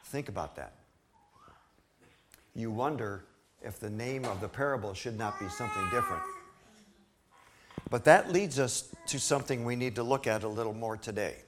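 A man preaching a sermon, reading scripture dramatically and asking the congregation rhetorical questions. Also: on the low side.

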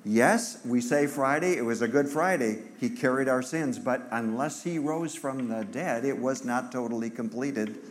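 Man preaching an animated Easter sermon. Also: mid-range voice, moderate pace, few pauses. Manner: animated, teasing, talks with the congregation. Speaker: pastor.

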